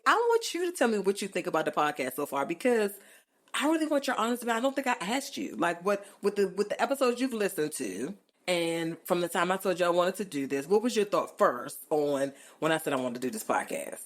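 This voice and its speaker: A middle-aged woman with a low voice hosts a podcast in a casual, chatty way. She speaks emphatically and playfully, leaning on colloquial phrasing. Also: very animated, fairly quick. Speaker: podcast host. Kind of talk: casual chat.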